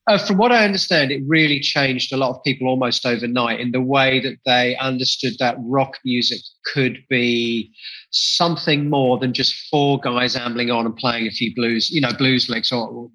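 A man's voice: mid-range voice, fairly even intonation, moderate pace, sharp tone, rough recording. A man being interviewed as a musician guest, talking with enthusiasm and reflection, often restarting phrases. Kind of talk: podcast interview conversation.

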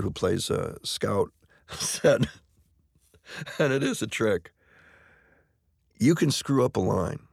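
A middle-aged man, a stage actor, talking in a relaxed, anecdotal way in an interview, often restarting and repeating words. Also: lowish voice, creaky, dry recording, studio quality. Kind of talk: conversational interview.

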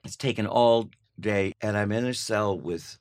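An older man, a guest actor, telling candid anecdotes in an interview, animated and laughing, slipping into voiced quotes. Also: fairly low pitch, a little slow.

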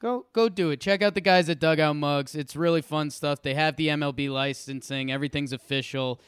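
A man co-hosting a sports podcast, rambling with enthusiasm and repeating his words. His voice is smooth and clear and fairly high, and it sits close to a dry mic. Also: a little fast, no echo. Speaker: podcast co-host. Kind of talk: casual sports podcast chat and ad read.

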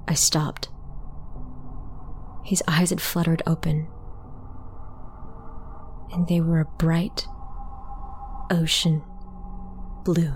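A woman narrating a horror story in the first person with a measured, dramatic delivery. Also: sits low, flat delivery, a little hiss or hum.

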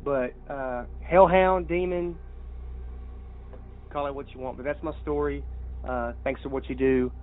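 A male caller telling a personal story over the phone, halting and repeating himself as he goes. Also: medium pitch, steady tone. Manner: halting, repeats words, restarts often. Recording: tinny phone line.

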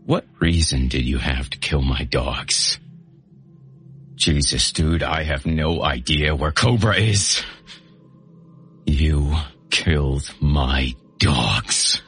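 A man with an extremely low, deep voice narrates a horror audiobook. His first-person delivery is gritty and menacing, and soft music plays under him. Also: slow pace. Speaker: host and narrator.

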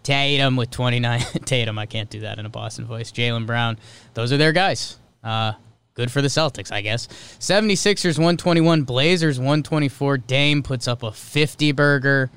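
A man hosting a casual sports podcast, reading off game scores in quick, clipped bursts with loose, offhand commentary in between. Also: mid-range voice, fairly bright tone, clear, resonant tone, no echo. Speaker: podcast host.

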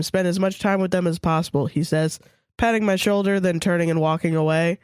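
A woman's voice: on the low side, fairly even intonation, a little fast, darkish tone, no echo. A woman co-hosting a podcast, reading a story aloud with casual, crude asides. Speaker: podcast co-host.

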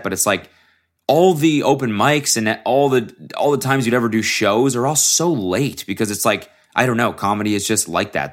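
A man's voice: lowish voice, a bit bright. A man hosting a solo podcast, talking in a rambling, profane, self-interrupting way, often breaking off mid-sentence. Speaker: podcast host and aspiring comedian. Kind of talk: casual solo podcast monologue.

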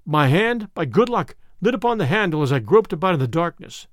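A man narrating a classic ghost story in a vivid, expressive storytelling manner. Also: high-pitched, a little fast, few pauses, no echo, clean studio sound. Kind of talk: dramatic audiobook narration.

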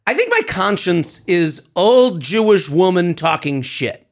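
Animated, gravelly thirty-something man chatting. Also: high voice, measured pace. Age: 30s. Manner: animated storyteller, swears freely, acts out quoted dialogue. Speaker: podcast co-host. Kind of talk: casual chat.

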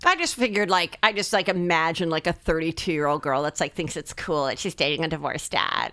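A middle-aged woman, a comedian, telling animated stories full of fillers and swearing, acting out other people's voices. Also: low voice, brisk, few pauses, no echo. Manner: many filler likes. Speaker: guest comedian. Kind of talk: casual storytelling chat.

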